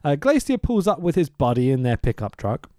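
A man hosting a casual podcast, recapping a film in an animated, sweary rant full of laughs. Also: a little high, brisk, no echo, studio quality. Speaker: podcast host.

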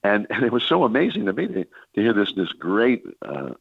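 A man's voice: on the low side, huge pitch swings, brisk, gravelly, breathy edge, no echo, narrow, tinny audio. An older man, a veteran baseball broadcaster, telling long rambling stories on a sports talk radio show. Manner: rambling anecdotal storytelling with many restarts and fillers.

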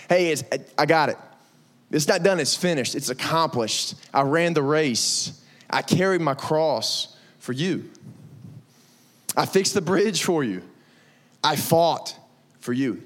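A young man preaching a lively, conversational sermon to middle schoolers, acting out quotes and saying y'all. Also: a little high, measured pace. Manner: animated, conversational, says y'all, acts out quotes. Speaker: youth pastor. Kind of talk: youth sermon.

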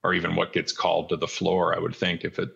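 A man's voice: deep voice, completely flat delivery, fast, vocal fry, fairly bright tone, husky, dull audio. A man in casual chat, explaining how the politics work in a matter-of-fact way.

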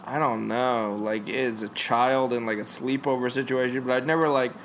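A man's voice: mid-range voice, fairly even intonation, fairly bright tone. Young male co-host, wry, dry joker, mid-range voice, faint hiss on the track. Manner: wry, quick with improvised song parodies. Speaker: co-host of a movie commentary. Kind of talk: casual joking chat.

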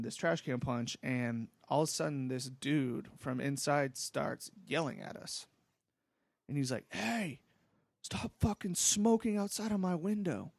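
A young man tells a rambling story in a relaxed, profane way. His voice has a gravelly edge, and the sound is dry and close. He keeps it casual and easygoing throughout. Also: mid-range voice, no room sound. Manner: laid-back, rambling, profane. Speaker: podcast host.

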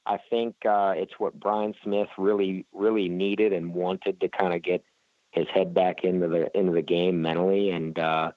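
A low-pitched man, a flat track racer appearing as a guest, talks casually in an interview, rambling with many fillers and restarts. His delivery is flat and his pace normal, and the audio is dry, narrow and tinny.

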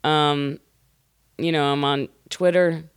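A woman's voice: low-pitched, fairly even intonation, takes it slowly, clear, resonant tone, no echo. Woman podcast guest: casual, rambling, clean dry studio sound. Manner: chatty, loose, full of "like" fillers. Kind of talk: casual chat.

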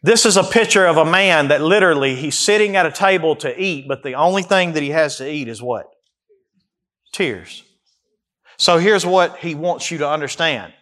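High-voiced preacher guy, gets loud then drops way down, acting out the psalm. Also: normal speed. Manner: impassioned, rising to near-shouts and dropping low; acts out the psalmist's cries in first person. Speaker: pastor. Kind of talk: sermon.

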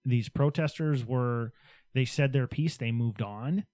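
A man's voice: mid-range voice, a little slow, warm tone, no echo. A man co-hosting a casual political talk show, chatting wryly and hedging his points. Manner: wry and chatty, with hedging asides. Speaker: podcast co-host.

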